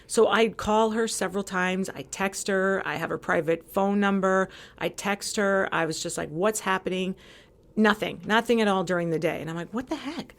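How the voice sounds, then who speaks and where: A Californian woman appearing as a podcast guest tells a story in casual chat, animatedly acting out both sides of each exchange. Her voice is mid-range and her speed normal.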